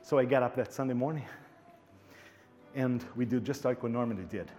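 A male pastor tells a story in his sermon. He speaks at an average pitch and animates the dialogue, often repeating his words. Faint music plays behind him. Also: fairly quick, mellow.

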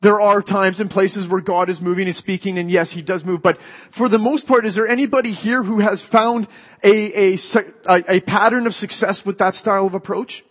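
A man's voice: high voice, steady tone, moderate pace. A Canadian man giving a sermon in a church, telling a story and often restarting phrases. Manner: storytelling, repeats words when starting a phrase. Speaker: lay preacher. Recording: dull echoey hall sound.

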